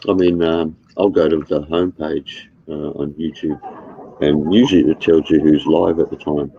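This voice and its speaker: A man's voice: extremely low pitch, steady tone, moderate pace, slightly rough, no room sound. A man in casual chat, talking hesitantly with many fillers and some swearing, on a dull, muffled mic.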